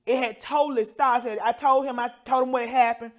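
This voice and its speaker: A woman's voice: on the high side, fairly quick. A woman telling an emotional healing testimony as co-host, acting out the people she quotes. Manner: emotional storytelling, quotes others in lively voices.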